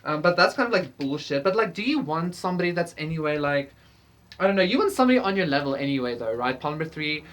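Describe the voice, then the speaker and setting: A woman's voice: sits low, expressive, quick pace. A woman giving a casual pick-a-card tarot reading, rambling with lots of fillers and swearing freely. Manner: rambling, profane, lots of fillers, laughs often. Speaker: tarot reader.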